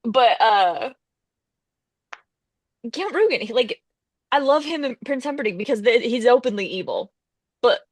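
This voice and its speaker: A woman's voice: fairly high pitch, animated, measured pace, pauses often, dry recording. Wry woman in casual chat. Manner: wry, quippy opinions. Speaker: podcast co-host.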